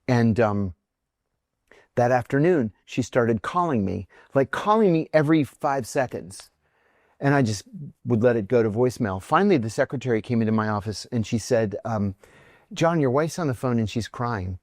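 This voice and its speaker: A man's voice: medium pitch, moderate pace, no echo, clean studio sound. A middle-aged man being interviewed, telling a personal story and acting out what each person said. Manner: animated storyteller who acts out quoted lines. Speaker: interview guest.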